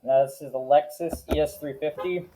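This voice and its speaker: A man hosting a reaction video, naming car models one by one in a slow, matter-of-fact way. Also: fairly high pitch, fairly even intonation. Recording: clear background noise with clicks.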